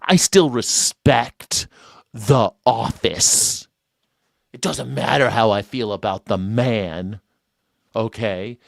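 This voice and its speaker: A man hosting a live call-in stream, talking in a mocking, sarcastic way and swinging between mock outrage and low asides. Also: slow pace, creaky, no echo, clean studio sound.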